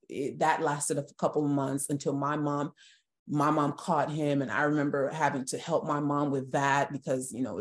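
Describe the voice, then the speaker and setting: A woman, a podcast guest, recounting a painful personal story in a halting, emotional way with frequent restarts. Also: low voice. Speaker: guest sharing her story. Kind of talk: personal testimony in a podcast interview.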